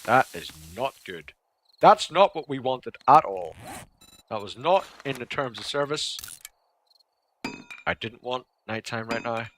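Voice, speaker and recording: Animated, jokey man streaming a game. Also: mid-range voice, a little slow, long pauses, a little hiss or hum. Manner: rambling, jokey, swings between mutters and loud exclamations. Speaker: gaming livestreamer. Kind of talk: casual let's-play commentary.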